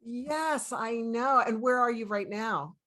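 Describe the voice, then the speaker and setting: A woman's voice: a little high, slow, a bit bright. Enthusiastic older woman hosting an interview. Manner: enthusiastic, laughs often. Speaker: host. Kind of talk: casual interview chat.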